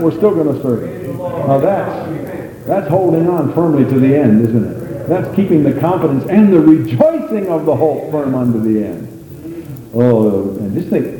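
Animated man preaching in an echoey hall. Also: on the high side. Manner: animated, folksy, exclaiming. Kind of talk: sermon. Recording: echoey hall with faint noise.

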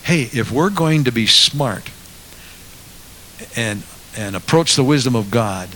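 Guy preaching a sermon, gets loud and fired up then drops quiet, slight hiss on the recording. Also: mid-range voice, animated, takes it slowly. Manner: swings from quiet asides to loud impassioned preaching. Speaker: pastor.

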